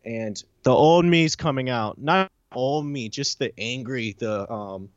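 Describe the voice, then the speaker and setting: A man's voice: mid-range voice, slow, no room sound, highs cut off. A man telling a raw personal story. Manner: animated, profane, filler-heavy storytelling. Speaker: interview guest.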